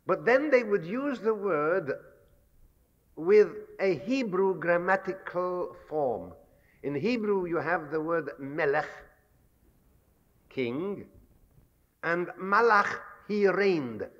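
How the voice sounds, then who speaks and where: A man giving a measured, scholarly public lecture, pausing often with fillers. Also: high-pitched, lively intonation. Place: lecture hall. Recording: dull archival 1960s lecture recording with long hall reverb.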